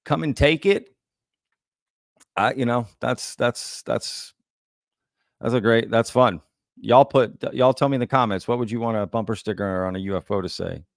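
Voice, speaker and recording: A man's voice: medium pitch, fairly even intonation, normal speed, vocal fry, no echo, clean studio sound. A man hosting a live Q&A, reading chat comments aloud and laughing often. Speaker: livestream host.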